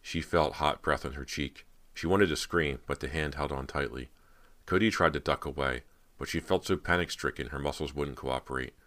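A man narrating a horror audiobook in an even, measured way. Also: a bass voice.

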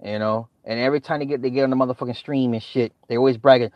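A man's voice: mid-range voice, steady tone, racing, hardly any pauses, dry recording, dull audio. A middle-aged man hosting a livestream, ranting in a profane, exasperated way and laughing often as he talks. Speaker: livestream host.

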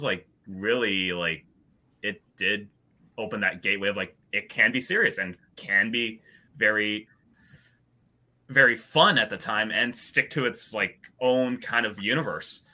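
A man in casual movie discussion, animated and laughing as he talks. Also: on the low side. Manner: animated, laughs while talking. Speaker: podcast panelist.

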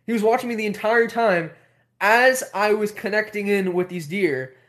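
A man hosting a livestream, telling a story casually in a rambling, animated way with many filler words. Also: sits high, moderate pace. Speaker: host.

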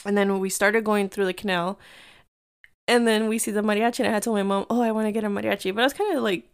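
A woman's voice: medium pitch, fairly even intonation, clean tone. A woman in her thirties from the United States, hosting a casual podcast and telling stories in a chatty way, slipping in Spanish phrases. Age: 30s. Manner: chatty storyteller mixing in Spanish phrases, quick bursts and laughs. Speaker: podcast host. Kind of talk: casual chat.

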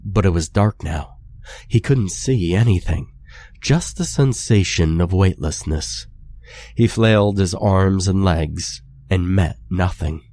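Male horror narrator, very low voice, unhurried delivery. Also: mellow. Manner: slow, measured reading. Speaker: storyteller.

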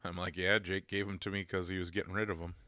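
A man's voice: sits low, level tone, fast, bright, forceful tone, dry recording, studio quality. A man with an Upper Midwest American accent co-hosting a podcast, blunt and joking, laughing often. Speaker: podcast co-host. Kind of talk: casual chat.

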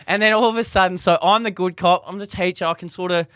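A man co-hosting a podcast, telling a story in casual chat and loudly acting out the voices of the people in it. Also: high voice, quick pace, no room sound, clean studio sound. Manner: animated, acts out quoted voices loudly. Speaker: podcast co-host.

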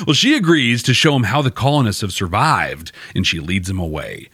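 Host, young man, lively wry recap, dry close sound. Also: lowish voice, normal speed, breathy edge, dry recording. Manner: wry, animated, chuckling asides. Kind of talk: casual episode recap.

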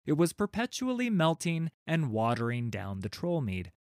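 A man's voice: fairly high pitch, huge pitch swings, normal speed, dry recording, studio quality. A man narrating a children's storybook, with wry, playful asides to his listeners.

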